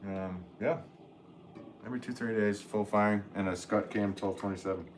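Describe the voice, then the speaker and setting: A man, a potter, chatting casually on a livestream and reading out viewer comments, relaxed and joking, with frequent chuckles. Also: fairly low pitch, moderate pace, a little hiss or hum. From northwest Connecticut. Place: pottery studio.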